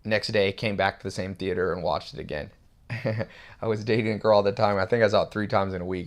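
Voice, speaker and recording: A man's voice: on the low side, fairly even intonation, a little fast. A man giving a rambling, conversational motivational talk with emphatic bursts. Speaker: self-help host. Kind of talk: casual motivational monologue.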